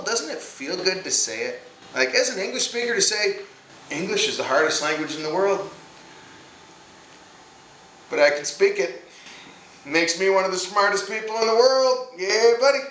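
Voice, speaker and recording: Male video host, casual and jokey, with a bright, lively voice, in an echoey room with faint noise behind. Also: on the high side. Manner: animated, chatty, full of fillers and jokes. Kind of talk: casual explainer to camera.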